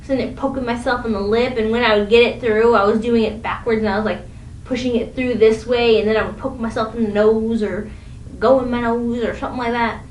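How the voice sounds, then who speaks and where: A woman's voice: steady tone, brisk, darkish tone. A young woman telling rambling, self-deprecating stories from her own life in a casual vlog. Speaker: vlogger. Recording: echoey room, distant mic, faint rumble.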